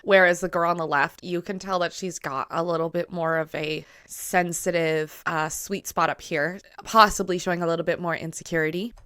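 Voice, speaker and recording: A woman's voice: fairly low pitch, fairly even intonation, moderate pace, few pauses, pushed and bright, clear, resonant tone, no room sound, clean studio sound. A woman in her thirties giving casual film commentary, musing and analytical with plenty of fillers. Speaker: channel host.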